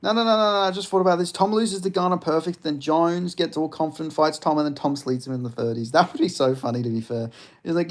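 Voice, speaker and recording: A man chats casually on a live stream, rambling and swearing as he reads chat aloud and answers questions. His pitch is fairly high and his pace quick.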